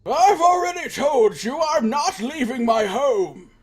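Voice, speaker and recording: A man voicing a cranky, stubborn old male villager who is hard of sight, in a high, slow, indignant voice. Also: expressive, crowd noise, full character voice.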